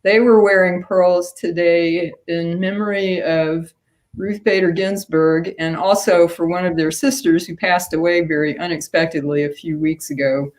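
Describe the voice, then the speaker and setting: A woman's voice: fairly low pitch, steady tone, normal speed, a little mellow. A woman chatting on a video call in a friendly, self-deprecating way, often laughing. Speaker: guest. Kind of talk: casual video call chat.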